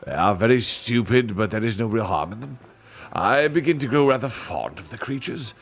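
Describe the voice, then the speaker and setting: A man's voice: fairly low pitch, animated, normal speed, slightly rough, voice pushed up. Coriakin: a man doing a mild old magician. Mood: genial. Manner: gentle, chuckling, rambling.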